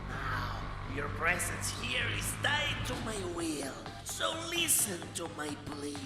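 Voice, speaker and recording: A man voicing an old Greek woman who summons a demon, with a Greek accent and shrill, dramatic delivery. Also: huge pitch swings, slow, exaggerated voice. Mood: solemn. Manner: shrill and dramatic, yelling insults. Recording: roomy game trailer with loud music.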